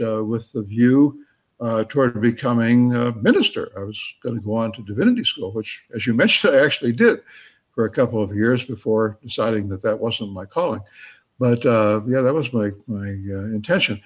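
Middle-aged guy, husky voice, lots of uh and um, chuckles as he answers interview questions. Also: medium pitch, lively intonation. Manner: halting, chuckling, many fillers and restarts. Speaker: author and guest.

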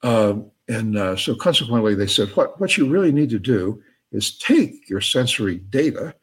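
A man giving a casual lecture in a wry, conversational way, with frequent asides and fillers and a husky voice. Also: medium pitch, big pitch swings, normal speed.

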